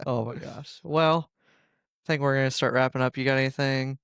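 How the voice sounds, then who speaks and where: A man's voice: mid-range voice, fairly even intonation, normal speed, creaky, a bit bright, clear, resonant tone, dry recording, studio quality. A young man co-hosting a casual podcast, laid-back and often laughing. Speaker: podcast co-host.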